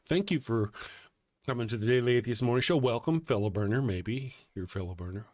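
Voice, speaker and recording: Man, middle pitch, profane and wry, live show co-host, dry close mic. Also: brisk, darkish tone, dry recording. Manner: profane, sardonic, reads live chat. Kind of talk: casual political chat.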